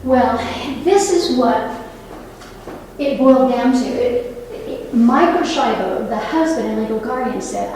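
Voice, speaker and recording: With a fairly high, somewhat dark voice, a woman over sixty-five who is a nurse speaks animatedly but at a measured pace, giving an earnest public talk and turning to the room with asides and questions. The setting is a library meeting room, recorded from a distance in an echoey hall with slight background noise.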